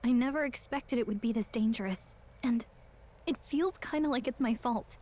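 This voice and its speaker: An actress playing an earnest, caring young companion in a video game, talking in an encouraging, conversational way. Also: female voice, a little high, normal speed, a little mellow, natural voice. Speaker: game character.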